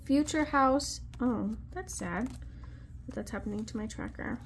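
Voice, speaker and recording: A woman's voice: on the high side, a little slow, slight background noise. A woman vlogging at her desk at home, chatting casually while counting cash aloud under her breath with little asides. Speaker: budgeting vlogger.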